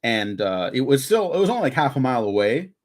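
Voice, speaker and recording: A man's voice: medium pitch, big pitch swings, fast. A young man co-hosting a movie podcast, laid-back and chuckling. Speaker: podcast co-host. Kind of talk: casual movie commentary chat.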